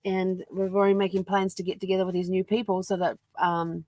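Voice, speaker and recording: A woman's voice: medium pitch, flat delivery, brisk, darkish tone, no room sound, studio quality. A woman from New Zealand with a New Zealand accent, chatting casually in a rambling daily vlog, full of ums. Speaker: vlogger. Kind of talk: casual chat. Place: at home with her dog.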